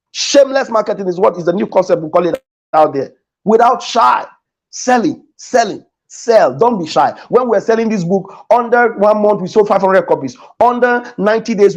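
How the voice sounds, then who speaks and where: A man with a Nigerian English accent speaks in a fairly high voice for a man, coaching a studio audience about money and selling. His delivery is emphatic and preacher-like, and he hammers his main points home by repeating them. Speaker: guest speaker, business coach. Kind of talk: motivational talk in a studio interview. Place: podcast studio.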